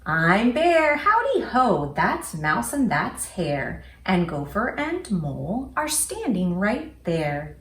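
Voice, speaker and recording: A woman voicing a friendly, eager male bear from a storybook, loud and bouncy. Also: mid-range voice, wildly swooping pitch, slow pace, hardly any pauses, slight background noise, heavily acted. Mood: welcoming. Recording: roomy echo.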